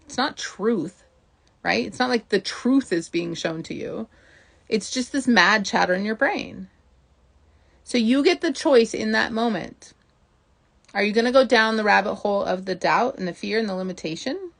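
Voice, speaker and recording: A woman's voice: medium pitch, animated, moderate pace, creaky. Chatty woman coaching, asking "right?". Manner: chatty, says "right?" often, acts out inner voices. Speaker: mindset coach. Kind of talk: motivational talk to camera.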